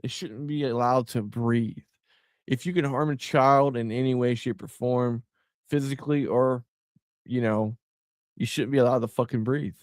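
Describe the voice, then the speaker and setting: A man's voice: medium pitch, fairly even intonation, moderate pace, darkish tone, dry recording. Blunt middle-aged man ranting, dry sound. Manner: blunt, profane, heated ranting. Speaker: podcast host. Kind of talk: casual podcast commentary.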